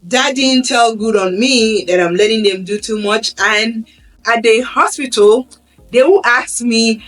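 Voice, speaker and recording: A woman's voice: fairly high pitch, measured pace, a bit bright. A woman vlogging about parenting in an earnest, conversational way, often restarting her phrases. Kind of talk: casual talk to camera. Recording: slightly distant mic with faint background music.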